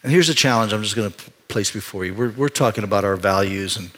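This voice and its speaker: An older man, a pastor, preaching a confessional sermon, moving from hushed, halting storytelling to loud, emphatic exhortation. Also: lowish voice. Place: church sanctuary.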